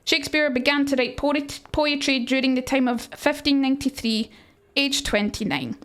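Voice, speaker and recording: Chatty Scottish woman, high voice. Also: moderate pace, a bit bright. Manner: chatty, rambling, answers chat messages. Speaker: streamer teaching Shakespeare to chat. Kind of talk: casual livestream lesson.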